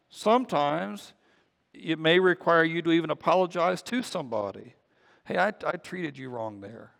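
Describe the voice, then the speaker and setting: A man's voice: fairly high pitch, vocal fry, fairly bright tone. A man preaching a conversational sermon as pastor, often repeating words as he goes. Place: church sanctuary. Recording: long reverb of a church hall.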